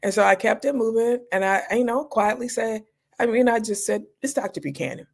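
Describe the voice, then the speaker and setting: Woman ER doctor as interview guest, gravelly fry, lively storyteller who acts out her reactions. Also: a little high, fairly quick. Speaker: emergency room physician, guest.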